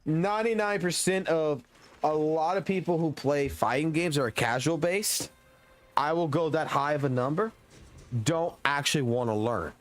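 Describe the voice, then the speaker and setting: A young man from Louisiana with a Southern accent, ranting loudly and profanely while chatting on a live stream. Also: on the high side, moderate pace. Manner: loud, profane, energetic ranting. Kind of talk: casual ranting stream chat.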